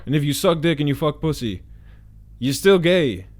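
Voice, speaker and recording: A man's voice: fairly high pitch, animated, moderate pace. A man doing crude, rambling stand-up comedy with many fillers. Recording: loud noise and clicks.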